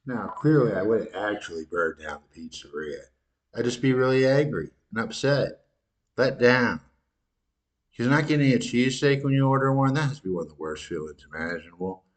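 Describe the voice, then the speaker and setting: A man hosting a podcast, adding wry, crude commentary between his own recorded clips and softening his jokes afterward. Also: mid-range voice, lively intonation, fairly quick. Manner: wry, crude, self-correcting. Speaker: podcast host.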